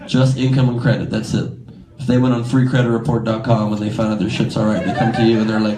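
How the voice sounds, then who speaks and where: A man's voice: on the low side, steady tone, quick pace, roomy sound, poor audio. A man doing improvised crowd work on a comedy club stage, teasing the audience in a brash, profane way. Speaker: stand-up comedian. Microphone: handheld stage mic. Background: laughing crowd.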